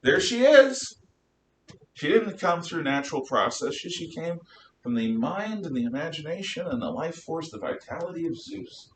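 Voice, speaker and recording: A man giving a history lecture to a class, emphatic and animated, firing off rhetorical questions. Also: normal speed. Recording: roomy, distant mic with faint rumble.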